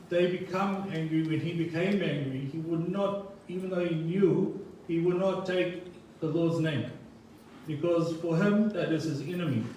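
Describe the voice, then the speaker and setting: Sermon speaker, male, mellow tone, echoey hall, mic far away. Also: fairly high pitch, a little hiss or hum. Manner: reads scripture aloud and explains it. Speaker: temple speaker. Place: temple hall.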